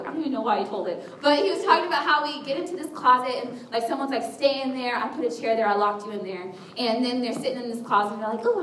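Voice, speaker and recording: A woman with a slightly high voice giving a frank, self-deprecating testimony to a church audience, slipping into little acted-out inner voices. She sounds set back from the mic in a roomy, echoing space, with a faint rumble underneath. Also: fairly bright tone. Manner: candid, self-mocking, acts out inner voices. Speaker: speaker sharing a personal testimony. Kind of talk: candid testimony talk to a church group. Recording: roomy echo with a faint rumble, voice picked up from a distance.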